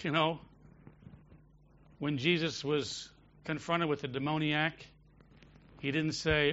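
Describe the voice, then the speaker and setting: A pastor preaches in a bright, forceful voice pitched a little high for a man. He swings from loud, emphatic declarations down to quiet, intimate storytelling. The recording sounds somewhat dull and lo-fi. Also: steady tone, takes it slowly, pauses often. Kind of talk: sermon. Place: church.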